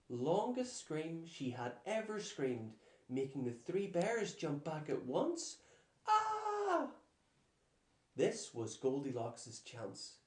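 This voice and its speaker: Slow man reading a bedtime story. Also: on the high side, warm tone. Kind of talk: reading a children's storybook aloud. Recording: echoey room.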